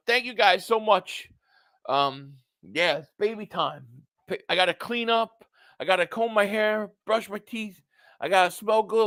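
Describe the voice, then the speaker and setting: High-voiced excitable male streamer. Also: no echo. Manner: excitable, rambling with fillers. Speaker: sports streamer. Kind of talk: casual livestream chat.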